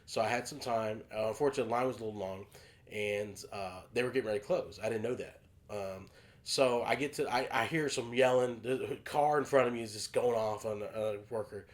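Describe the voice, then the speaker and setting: A man co-hosting a casual podcast, telling an animated story, acting out quotes and swearing freely. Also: mid-range voice, brisk. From United States. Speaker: podcast co-host.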